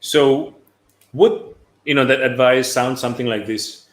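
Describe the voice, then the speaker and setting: A man's voice: mid-range voice, very animated, a little slow. A man hosting a talk show, asking questions hesitantly with many fillers, laughing often. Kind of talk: casual interview. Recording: roomy echo.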